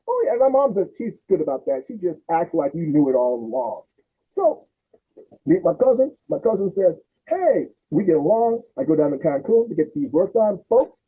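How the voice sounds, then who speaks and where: A man's voice: a little high, normal speed, husky. A man in his sixties, a podcast host telling family stories and acting out his relatives' voices. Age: 60s. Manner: animated, acts out relatives' voices. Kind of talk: storytelling in casual chat. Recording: tinny phone-like audio.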